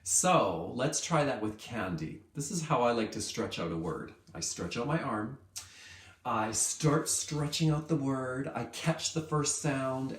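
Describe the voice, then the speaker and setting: A man teaching a lesson to small children, speaking at an unhurried, deliberate pace in a voice of middling pitch. He is upbeat and draws words out sound by sound. The recording carries a noticeable echo from the room. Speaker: kindergarten teacher.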